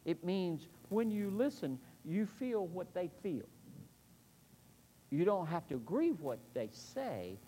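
A middle-aged man preaching a sermon in an earnest, emphatic way, slowing down to stress key points. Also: high-pitched, big pitch swings, mellow, slight background noise. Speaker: pastor.

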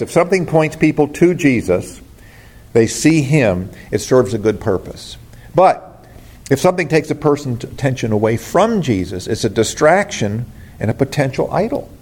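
A man's voice: mid-range voice, big pitch swings, moderate pace, darkish tone, husky. A middle-aged man preaching a sermon as pastor, earnest and direct, asking his listeners rhetorical questions.

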